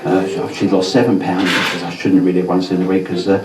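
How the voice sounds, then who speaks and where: A man's voice: sits low, little pitch movement, quick pace, noisy background. A man performing a stand-up comedy set in a pub, swearing often and stumbling over his words. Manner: swears a lot, stammers and restarts. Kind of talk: stand-up routine. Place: pub function room with a live audience. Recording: roomy live pub set mic'd from a distance, loud crowd laughter.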